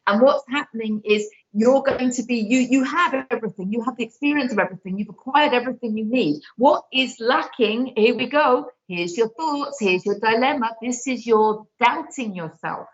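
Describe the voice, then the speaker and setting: A woman's voice: fairly high pitch, normal speed, few pauses, dull audio. A woman giving card readings on a live online show, earnest and reassuring. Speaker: card reader guest.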